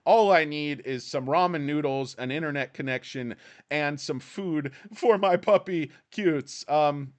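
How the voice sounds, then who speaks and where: A man's voice: a little high, a little slow. Rambling irreverent man streaming about stocks. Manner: rambling, irreverent, crude jokes. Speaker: live stream host. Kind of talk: casual stock market live stream. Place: his office.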